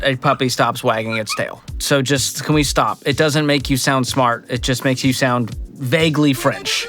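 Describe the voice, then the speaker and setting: A man in his thirties hosting a money reaction video, sarcastic and jokey, with big swings in pitch. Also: steady tone, moderate pace, few pauses, fairly bright tone, faint music behind. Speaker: host.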